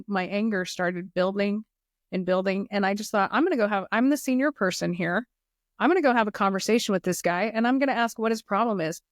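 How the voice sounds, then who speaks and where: A middle-aged woman speaks as an interview guest, sharing personal stories with earnest conviction. Her voice sits at an ordinary pitch for a woman, and the recording is dry and close with no room sound. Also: no room sound. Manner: earnest, heartfelt storytelling. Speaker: guest, foundation leader. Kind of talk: podcast interview.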